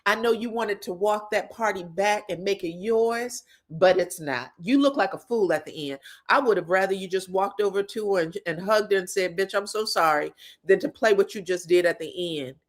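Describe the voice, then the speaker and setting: A young adult woman recapping reality TV drama in an animated, profane, gossipy way, laughing at her own jokes. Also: mid-range voice, moderate pace, few pauses. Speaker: reality TV commentator.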